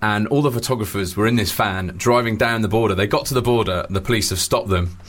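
Fast-talking low-voiced male host. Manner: chatty anecdotal storyteller. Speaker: podcast host. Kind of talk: conversational interview.

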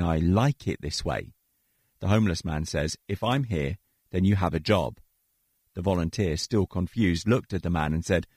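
Deep-voiced man reading a radio story. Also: a little mellow, breathy edge, no room sound, studio quality. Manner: measured, reading a story and acting out its dialogue. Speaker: radio host.

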